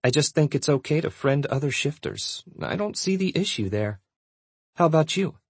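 A man's voice: on the high side, expressive, normal speed, husky, dry recording, voice pushed up. A man voicing a teasing young panther girl. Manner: teasing, chatty.

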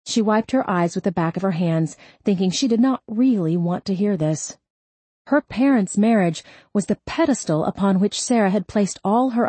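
Husky low-voiced woman narrating a novel. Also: warm tone, no room sound. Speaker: audiobook narrator. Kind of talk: scripted narration.

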